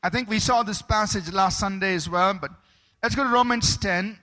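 A man's voice: high voice, normal speed, pushed and bright. A man preaching a sermon as pastor, emphatic, stopping to ask the congregation for amens.

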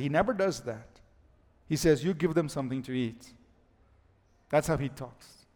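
A man preaching a sermon as pastor, swinging between quiet passages and loud, emphatic ones. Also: a little high. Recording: long hall reverb.

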